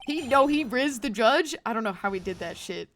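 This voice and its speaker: A woman's voice: fairly high pitch, expressive, moderate pace, fairly bright tone. A young woman streaming a game, chatting casually with lots of slang and filler. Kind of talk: casual gameplay commentary.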